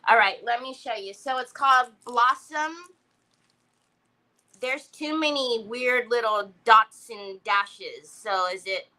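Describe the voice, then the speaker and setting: A woman's voice: fairly high pitch, slow pace, pushed and bright, low-quality recording. A woman hosting a casual craft livestream, greeting viewers by name and laughing often. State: recovering from a headache.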